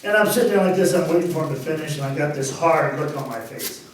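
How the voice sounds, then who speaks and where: A man's voice: a little high, fast, a little hiss or hum. A pastor telling his personal testimony, a man recounting the story with laughs between phrases. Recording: very echoey, distant microphone.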